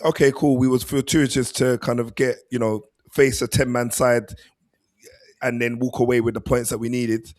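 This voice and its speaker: A man, co-hosting a football podcast in casual chat on a video call, relaxed and chatty. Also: mid-range voice, normal speed. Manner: laid-back, chatty, uses "mate" and "bruv". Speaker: podcast co-host, football pundit.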